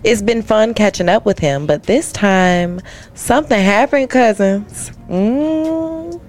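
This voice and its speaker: A woman's voice: medium pitch, a little mellow. A woman guest co-host on a comedy podcast, reading a listener's letter aloud and breaking into playful asides and laughter.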